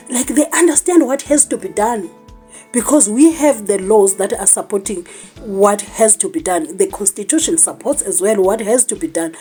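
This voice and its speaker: A woman's voice: mid-range voice, warm tone. A South African woman hosting a news commentary channel, talking emphatically and repeating herself for stress. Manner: emphatic, repeats "I'm telling you". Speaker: channel host. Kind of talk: commentary vlog.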